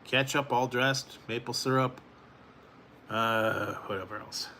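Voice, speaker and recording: A man with a bright, forceful voice chats loosely on a late-night stream, drifting between thoughts and chuckling often. He answers viewers in the chat as he goes, over a faint hum of room ambience. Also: medium pitch, steady tone, takes it slowly. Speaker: food reviewer hosting a live stream.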